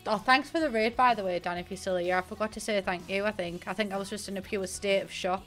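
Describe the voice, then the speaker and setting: A woman's voice: mid-range voice, fast, fairly bright tone. A young woman with a Northeast English accent, streaming and chatting casually, rambling through a story and thanking viewers. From northeast England. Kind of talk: casual gaming stream chat. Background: faint piano music.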